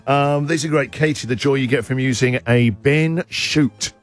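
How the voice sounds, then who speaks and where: A man's voice: mid-range voice, normal speed, soft background music. A middle-aged man hosting a breakfast radio show, chatting and joking as he reads out listener messages. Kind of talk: casual radio chat.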